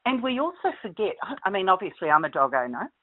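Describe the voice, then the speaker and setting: A woman's voice: mid-range voice, sing-song, fast. A woman, a guest expert explaining things steadily in an interview. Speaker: guest expert on dog safety. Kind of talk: interview answers. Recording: tinny phone line.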